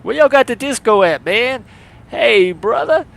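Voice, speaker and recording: A streamer voicing a loud, slangy dude demanding disco. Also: male voice, lively intonation, a little slow, gravelly, full character voice. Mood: boisterous. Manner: loud, slangy, high-pitched.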